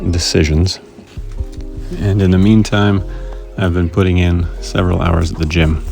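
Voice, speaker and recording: Low-voiced wry male vlog host. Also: creaky. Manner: wry, self-mocking humor. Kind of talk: casual scripted vlog narration.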